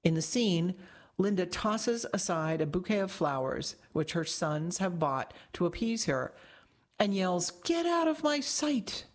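Low-toned woman reading a feature article. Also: measured pace. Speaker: narrator reading a magazine article. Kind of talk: scripted narration.

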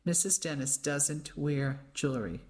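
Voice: mid-range voice, unhurried, darkish tone, lightly acted. A reader voicing a stingy, bossy male boss who talks curtly. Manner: curt and demanding.

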